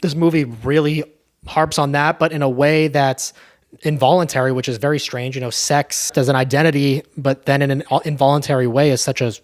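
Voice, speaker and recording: A man's voice: medium pitch, fairly even intonation, fairly quick. A young man giving a casual, profane movie recap, with frequent asides of "right?" and "like". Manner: chatty, profane, tags lines with "right?". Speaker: movie reviewer.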